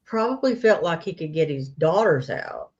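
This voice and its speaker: Woman co-host, chatty theorizer, lowish voice, dull lo-fi recording. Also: animated, moderate pace, a little mellow, slightly rough. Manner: speculative, laughs often. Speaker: true crime livestream co-host. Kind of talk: casual chat.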